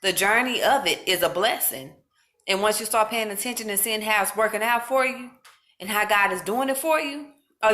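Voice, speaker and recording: Woman, casual faith vlog, earnest, informal, speaking to viewers, bright tone. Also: mid-range voice. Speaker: faith vlogger. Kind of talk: casual spiritual encouragement talk.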